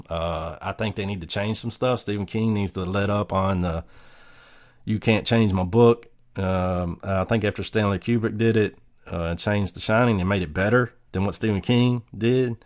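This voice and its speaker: A man giving a blunt, profane, casual movie review, often laughing and mocking. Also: on the low side.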